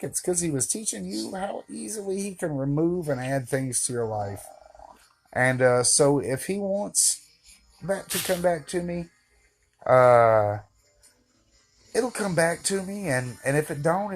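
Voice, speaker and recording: A man's voice: a little high, animated, unhurried, soft background music. Man, vlogger, casual monologue, meandering, lots of fillers, joking asides, candid, reflective. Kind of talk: casual rambling monologue to camera.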